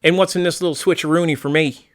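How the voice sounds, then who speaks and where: A man's voice: on the high side, fairly even intonation, fast talker, close to an everyday voice. A man playing a brash, gun-loving rural American man in a comedy sketch, blustering, crude and folksy. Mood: boastful.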